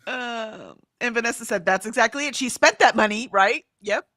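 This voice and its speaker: A woman's voice: on the high side, moderate pace, sharp tone, dry recording, studio quality. A middle-aged woman co-hosting a casual livestream, reading chat comments aloud in a chatty way. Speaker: co-host of a livestream.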